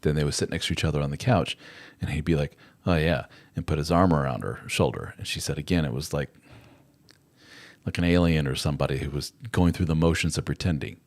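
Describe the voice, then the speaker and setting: A middle-aged man with a very low, deep voice hosts a live chat. He rambles conversationally and drifts easily into acted-out quotes. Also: fast, darkish tone. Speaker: host. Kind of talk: live chat advice talk.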